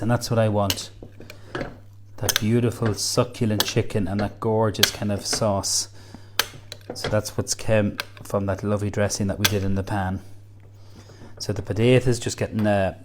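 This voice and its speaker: A man's voice: on the low side, level tone, normal speed, noisy background. An Irish man demonstrating a recipe in a kitchen, chatty and enthusiastic, full of praise for the food. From Ireland. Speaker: cook. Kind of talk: cooking demonstration.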